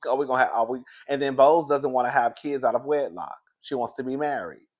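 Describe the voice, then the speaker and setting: A man talks through a reality-show recap in a loose, gossipy way. His voice sits at a middle pitch, and he laughs often and keeps calling his listeners "girl.". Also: a little fast. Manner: chatty, gossipy and animated, laughs often, says "girl" a lot. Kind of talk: casual chat.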